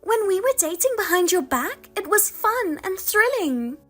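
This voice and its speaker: A woman's voice: very high-pitched, sing-song, measured pace, a bit bright, faint music behind, voice pushed up, exaggerated voice. A woman voicing a smug, spiteful younger sister in a story reading, taunting and gloating. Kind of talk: audio drama reading.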